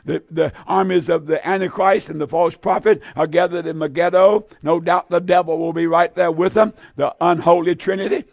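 A man's voice: a little high, fairly even intonation, moderate pace, gravelly, few pauses, no room sound, studio quality. An older man preaching a fervent sermon with an altar call, pleading with many "uh" fillers and sometimes drifting into song.

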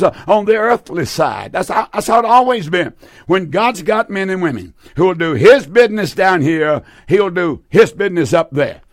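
Male preacher with a high voice, fervent and repetitive, giving a Pentecostal sermon with a dry sound. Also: no echo.

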